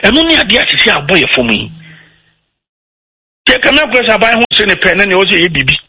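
A Ghanaian man with a husky, very bright voice argues back at a radio host. He rushes his words and his pitch leaps around as he presses his point. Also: big pitch swings. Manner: rapid, insistent, keeps repeating the host's name to get in. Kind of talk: heated political debate.

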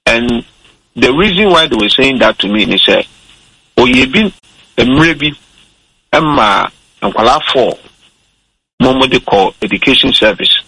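A man telling a story in relaxed radio talk, switching between Twi and English. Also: medium pitch, unhurried, long pauses, breathy edge, no echo, poor audio.

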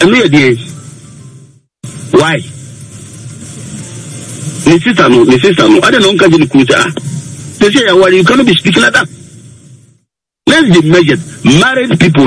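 A man's voice: a little high, a bit bright, slight background noise, low-quality recording. A man, a counselor on a radio talk show, giving earnest, preachy advice and mixing English with Twi.

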